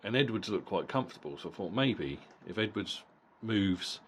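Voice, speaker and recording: A middle-aged man with a deep voice gives a casual boxing fight review. He talks bluntly and swears freely, often stumbling and repeating words. Faint background noise sits under his voice. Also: animated, moderate pace, a bit bright. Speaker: boxing vlogger.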